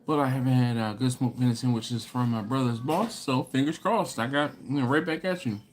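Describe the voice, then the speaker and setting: A man's voice: medium pitch, brisk. A man hosting a barbecue live stream, chatting casually and reading viewer comments aloud. He is laid-back and slangy, laughs often, and has a runny nose and a cough.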